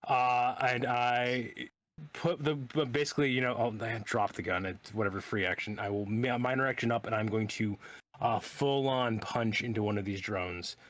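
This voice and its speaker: A man's voice: on the low side, fairly quick, fairly bright tone. A man playing a tabletop game, describing his character's actions in a rambling way with many repeated words. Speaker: player. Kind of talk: casual play at a tabletop game.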